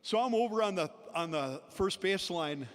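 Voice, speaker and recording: A man's voice: high voice, lively intonation, moderate pace. A man giving a storytelling eulogy at a memorial service, chuckling between anecdotes. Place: large indoor pavilion. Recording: long hall reverb in a large venue.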